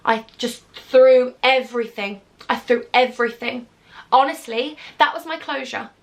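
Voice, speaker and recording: A young woman tells a personal storytime to her camera, her slightly high voice full of gravelly fry. She rambles in an emotional, heartfelt way, piling on "like"s as she goes. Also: unhurried. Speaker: vlogger. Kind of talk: storytime vlog.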